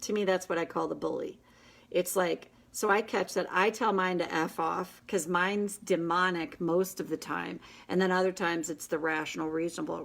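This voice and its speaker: A woman hosting a casual live session, coaching a group in an earnest, gentle and encouraging way, with quick asides. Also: on the low side, steady tone, creaky. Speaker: inner child tapping coach, host.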